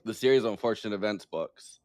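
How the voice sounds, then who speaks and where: A man on a podcast with a somewhat low voice, recorded close and dry with no room sound. He rambles through jokey guesses, filling his sentences with "like" and "you know.". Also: fast talker, darkish tone, no room sound. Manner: rambling, heavy use of "like", jokey speculation. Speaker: podcast guest. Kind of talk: casual film discussion.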